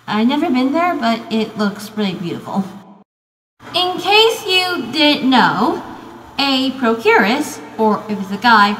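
A woman's voice: on the high side, fairly bright tone, slight background noise. A young American woman student narrating a casual video essay, rambling with many fillers. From United States. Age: young adult. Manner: rambling, full of "you know" and "um". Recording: echoey room with long reverb.

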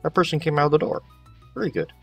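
Husky-voiced man chatting through a farm game. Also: fairly high pitch, steady tone, fast talker, fairly bright tone, distant mic, soft background music. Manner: chatty, talks to characters. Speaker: let's play host. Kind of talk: casual gameplay commentary.

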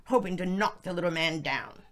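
A woman with a lowish voice narrates a folk tale slowly for English learners. As a storyteller she reads expressively, dropping into soft, hushed passages at times.

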